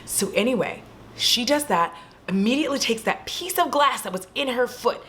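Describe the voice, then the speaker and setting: A woman's voice: fairly high pitch, moderate pace, slight background noise. A young woman casually retelling a horror movie at home, acting out the screams and lines as she goes. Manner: animated, acts out scenes and screams.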